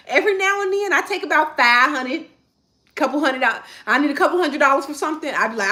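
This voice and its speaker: A woman's voice: sits high, expressive, quick pace, bright, forceful tone. A woman, chatting casually on a livestream and answering viewer comments as she rambles. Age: 30s.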